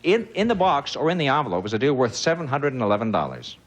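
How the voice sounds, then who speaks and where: A man hosting a game show with lively, joking banter, teasing the contestants. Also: mid-range voice, fast talker. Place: large television studio. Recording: live studio audience and noise behind.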